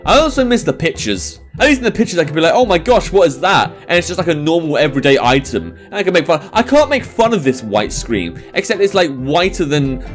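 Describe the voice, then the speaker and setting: Young male let's-play narrator, lively pitch, self-mocking rambling commentary, light music bed. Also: fast talker, few pauses. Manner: rambling, self-mocking, stumbles over misspelled words. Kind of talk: reading a visual novel aloud with commentary.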